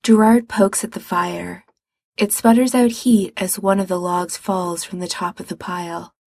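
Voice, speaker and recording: A woman reading fiction aloud in a calm, measured way. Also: on the low side, gravelly, dry recording, clean studio sound. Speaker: reader.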